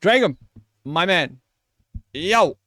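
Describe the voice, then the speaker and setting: Male streamer, under the weather, lively up-and-down chatter, dry sound. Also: high voice, slow pace, dry recording. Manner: joking, teasing, chatty with chat. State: sick, coughing. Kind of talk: casual live-stream chat.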